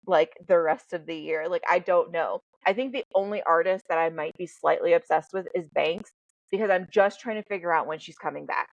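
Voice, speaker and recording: In a lowish voice, the podcast-hosting life coach speaks bluntly and candidly, swearing freely and storytelling with animation. The recording is dry and low in quality.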